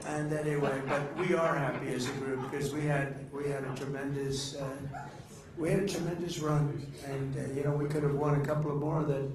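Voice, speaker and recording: A man's voice: fairly high pitch, level tone, normal speed, a crowd in the background. An older man giving a rambling, off-the-cuff speech to a gathering, boastful and meandering, trailing off mid-sentence with frequent uhs. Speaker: speaker addressing a political gathering. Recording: echoey room with faint background noise.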